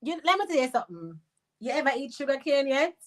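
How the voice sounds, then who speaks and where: Middle-aged woman, Jamaican accent, higher-pitched, blunt and animated livestream host with patois. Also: fast, rough recording. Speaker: livestream host reading viewer chat. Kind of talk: casual livestream commentary.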